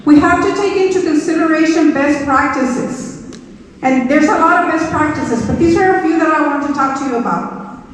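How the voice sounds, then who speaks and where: A woman's voice: high-pitched, normal speed, a little hiss or hum. A middle-aged woman, a school superintendent giving a speech to staff in a large auditorium, emphatic and repeating her key points to the audience. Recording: echoey auditorium, voice from far off.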